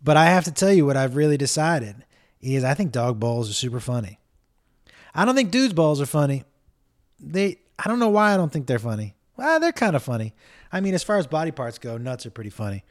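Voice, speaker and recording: A middle-aged man hosting a casual comedy podcast, telling stories in an animated way, acting out the people he quotes, swearing often. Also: fairly high pitch, brisk. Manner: animated storytelling, acts out quotes, swears, talks to his dog.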